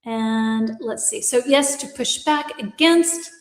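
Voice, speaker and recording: A woman's voice: fairly high pitch, slow. Woman, English teacher, live lesson, chatty, upbeat, long reverb. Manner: chatty, upbeat, laughs at her own slips. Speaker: English teacher and livestream host. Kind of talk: live-streamed English lesson, reading viewer chat. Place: home studio, lives in Germany.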